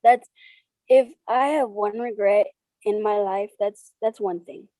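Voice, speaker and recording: A woman speaking as an interview guest over a video call, slow and halting, getting tearful at times. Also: medium pitch, steady tone, mellow, no room sound, poor audio.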